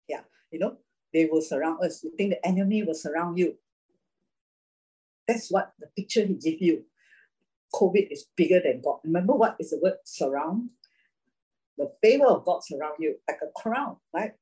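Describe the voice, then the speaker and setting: A woman preaching a sermon, reading scripture and then talking about it in an animated way, laughing often. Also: on the low side, normal speed, slightly rough, low-quality recording.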